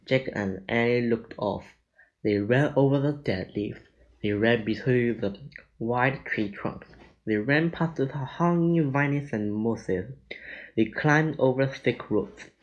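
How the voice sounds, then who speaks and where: A man slowly reading a children's chapter book aloud, deliberate and stumbling now and then, on a dull lo-fi recording. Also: medium pitch. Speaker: narrator.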